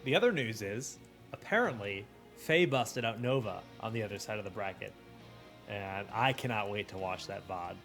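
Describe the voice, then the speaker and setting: A man's voice: fairly low pitch, animated, normal speed, fairly bright tone, soft background music. Young man casting esports, joking. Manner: casual, joking banter with chat. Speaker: esports caster. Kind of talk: live esports commentary.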